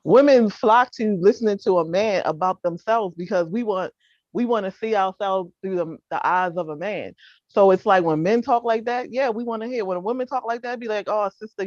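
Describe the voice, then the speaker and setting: A woman's voice: medium pitch, darkish tone, dry recording. A woman co-hosting a casual panel debate over a video call, blunt and dismissive, talking in loose slang. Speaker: talk show co-host. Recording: dull lo-fi video call audio.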